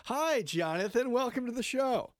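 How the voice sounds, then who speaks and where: A man's voice: very high-pitched, animated, normal speed, no room sound, clean studio sound. A man hosting an improvised comedy call-in show, talking in a rambling, earnest way that sometimes drops to near whispers. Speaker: talk show host.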